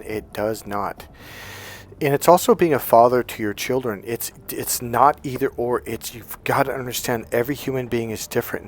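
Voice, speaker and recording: A man who coaches men on dating, talking casually to his viewers, swearing freely and acting out the people in his stories. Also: medium pitch. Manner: profane, animated storyteller acting out quotes. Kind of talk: casual lecture to camera.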